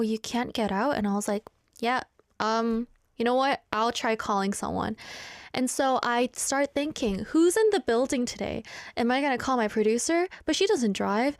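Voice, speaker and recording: A young woman hosts a radio show in a casual, chatty way. Her voice sits a little high and the studio sound is dry and close. She tells stories with animated bursts when quoting people. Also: no echo. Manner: animated storyteller, acts out quotes in high bursts. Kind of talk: casual radio chat, storytelling. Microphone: studio microphone.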